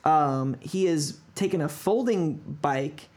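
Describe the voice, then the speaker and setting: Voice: mid-range voice, animated, takes it slowly, darkish tone. A podcast host telling a story in casual chat, rambling with lots of restarts. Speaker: podcast host presenting a segment.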